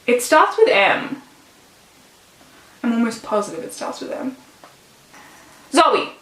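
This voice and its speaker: A woman's voice: a little high, sing-song, slow pace, fairly bright tone, roomy sound, rough recording. A woman in her late teens, a book vlogger, chatting casually and gushing about books she loves. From Australia. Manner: gushing, chatty, fond of "literally" and "so good".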